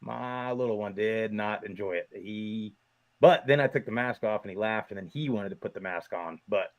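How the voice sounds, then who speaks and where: A man's voice: mid-range voice, normal speed, dull audio. A man hosting a college football podcast, talking in an upbeat, promotional way. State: voice muffled by a costume mask. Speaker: podcast host. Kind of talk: casual sports chat.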